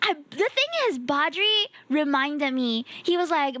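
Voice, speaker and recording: Giggly high-voiced woman streamer. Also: a little slow, no room sound. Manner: giggly and animated, talks to chat. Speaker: VTuber streamer. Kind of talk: casual livestream chat.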